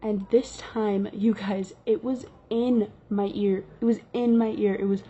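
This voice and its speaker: Woman vlogger for casual story-time narration: rambling and filler-heavy, warm low tone, muffled home recording. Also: steady tone, a little slow, a little hiss or hum. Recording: dull lo-fi recording.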